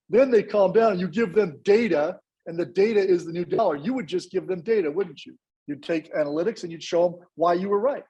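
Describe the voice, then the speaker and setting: Husky high-voiced man hosting a podcast. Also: a little fast, darkish tone, poor audio. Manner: emphatic, coaching tone with brief affirmations. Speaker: podcast host. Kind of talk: casual podcast conversation.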